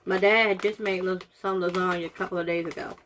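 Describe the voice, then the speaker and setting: A woman's voice: fairly low pitch, fairly even intonation, quick pace, noisy background. A woman doing a casual taste-test vlog, groaning and reacting dramatically as she talks straight to her viewers. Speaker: vlogger.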